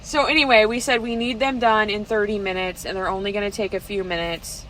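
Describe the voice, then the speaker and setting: A woman with a medium-pitched voice chatting casually. She tells stories in a lively way and acts out the lines of the people in them. A faint background hum sits under her voice. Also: a little fast, poor audio. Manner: lively storyteller, acts out quotes. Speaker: trapper. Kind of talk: casual chat.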